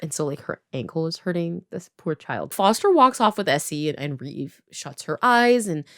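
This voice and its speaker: A woman in her twenties from Canada, casually recapping a story in a chatty way full of fillers, briefly quoting characters as she goes. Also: on the low side. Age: 20s. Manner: chatty, filler-heavy, lots of "like"; animated, quoting characters in quick voices. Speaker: writer and video creator.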